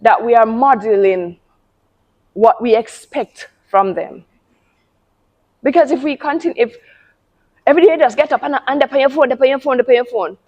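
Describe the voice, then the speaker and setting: A woman's voice: on the high side, moderate pace, pauses often, dull audio. A woman hosting a casual talk on parenting, speaking emphatically and often repeating words. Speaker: parenting channel host.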